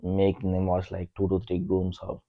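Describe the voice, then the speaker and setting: Indian accent guy, low voice, lots of uh and like, kinda dull dry recording. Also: monotone, moderate pace, no echo. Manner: hesitant, many fillers, self-deprecating. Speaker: podcast co-host. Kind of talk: casual conversation.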